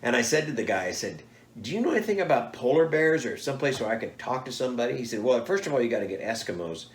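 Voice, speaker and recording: An older man from the United States telling casual stories, acting out the people he quotes with lively voices. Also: mid-range voice, quick pace, a little hiss or hum. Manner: animated, acts out quoted people. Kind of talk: casual storytelling. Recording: echoey room.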